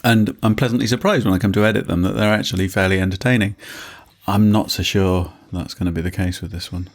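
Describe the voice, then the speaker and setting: A man's voice: low-pitched, steady tone, quick pace. A man hosting a podcast at home, rambling and joking, laughing often while eating at the table. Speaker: podcast host. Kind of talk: casual chat.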